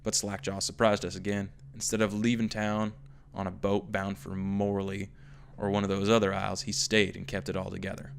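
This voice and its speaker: A man's voice: on the low side, completely flat delivery, gravelly, slight background noise. A man voicing a male slum gang member, telling the tale with a put-on Southern drawl as he reads an in-game note aloud. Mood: storytelling. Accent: slipping into a put-on American Southern drawl. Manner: unhurried storytelling read-aloud. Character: male slum gang member recounting his boss's rise.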